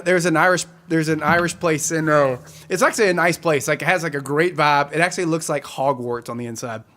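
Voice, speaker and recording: A man's voice: on the high side, a bit bright. A man hosting a weekly live concert stream, chatting casually and rambling with his viewers and laughing often.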